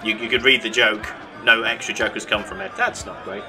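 A man's voice: on the low side, fairly even intonation, fairly quick, bright, forceful tone, soft background music, some chatter behind. A man giving casual, sarcastic commentary while he plays a game. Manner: chatty, sarcastic, laughs at his own mishaps. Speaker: let's play host.

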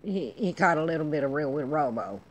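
A middle-aged woman hosting her own vlog goes on a blunt, profane, emphatic rant in casual talk. Her deep voice is animated and fairly quick.

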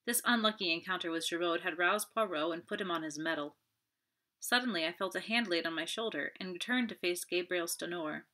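Bright-voiced woman narrating an audiobook. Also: on the low side, a little fast. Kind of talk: first-person audiobook narration.

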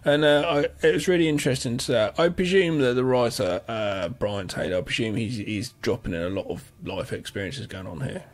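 A man's voice: mid-range voice, brisk, hardly any pauses. A man with an English accent talks casually as a podcast co-host. He meanders through his points with plenty of fillers and restarts, in a mid-range voice. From England. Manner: rambling, hesitant with many fillers. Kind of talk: casual film chat.

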